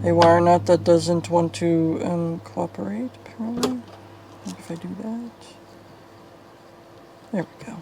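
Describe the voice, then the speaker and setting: A woman's voice: fairly even intonation, measured pace, long pauses, noisy background. A woman casually narrating a hands-on fan wiring repair, thinking aloud and muttering as she works at a bench. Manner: thinking aloud, low-key, muttering while working. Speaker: video host.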